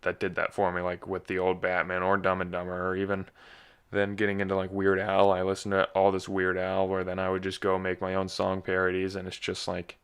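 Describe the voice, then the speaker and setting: Young male podcast host, low and smooth, self-deprecating ramble, slightly scratchy voice. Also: monotone, a little fast, fairly bright tone. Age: young adult. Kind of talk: casual solo monologue.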